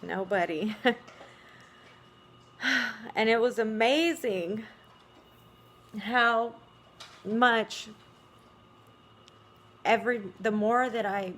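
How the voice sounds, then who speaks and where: A woman's voice: a little high, drawn-out words, pauses often, a bit bright. A middle-aged woman talking reflectively to camera, with frequent small laughs and "you know"s. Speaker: vlogger. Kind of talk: casual spiritual monologue.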